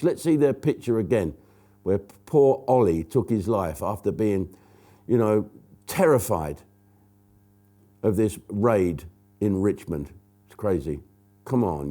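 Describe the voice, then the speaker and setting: A man hosting his own online comedy show, ranting bluntly and swearing freely. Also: on the low side. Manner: blunt, profane, animated. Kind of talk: profane comic rant to camera.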